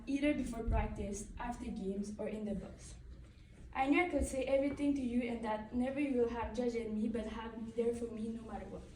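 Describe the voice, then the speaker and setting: A woman's voice: a little high, a little mellow, slight background noise. A teenage girl reading a heartfelt farewell tribute speech in earnest, with slightly non-native phrasing. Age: late teens. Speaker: student athlete giving a tribute. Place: large echoey hall. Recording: echoey hall, distant mic.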